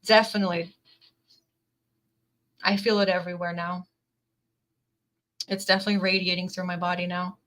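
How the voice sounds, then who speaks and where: A woman's voice: lowish voice, flat delivery, normal speed, long pauses, fairly bright tone, low-quality recording. A woman giving an earnest, emotional tarot reading to camera, reading card messages aloud and filling her talk with "definitely" and "like". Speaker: tarot reader.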